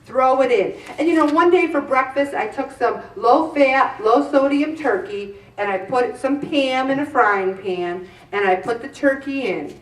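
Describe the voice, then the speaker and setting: Middle-aged woman, weight-loss host, chatty diet advice, exclamatory, higher voice, echoey room, distant from the mic. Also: unhurried, hardly any pauses. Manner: animated, exclamatory, repeats words for emphasis.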